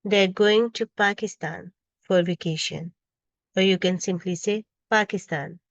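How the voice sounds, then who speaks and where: A woman's voice: medium pitch, fairly even intonation, a little slow, no echo, highs cut off. A woman teaching an English grammar lesson, reading out example questions one by one and stressing each example.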